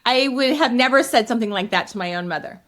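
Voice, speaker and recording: A middle-aged woman, a comedian, telling stories as a guest in an interview, lively and quick to laugh. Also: a little high. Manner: lively, laughs often, acts out quotes. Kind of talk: storytelling in an interview.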